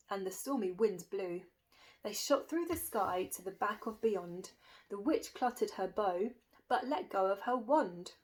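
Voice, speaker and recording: A woman's voice: mid-range voice, poor audio. A woman reading a rhyming children's picture book aloud with a lilting rhythm. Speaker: storybook reader.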